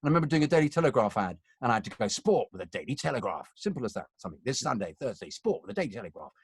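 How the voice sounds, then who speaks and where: Brief: middle-aged British male voiceover pro, anecdotal, self-deprecating, mid-pitched, dry close mic. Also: big pitch swings, racing, vocal fry, slightly rough, no echo. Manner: chatty, self-mocking, acts out quotes. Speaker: voiceover artist. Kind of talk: conversational anecdotes.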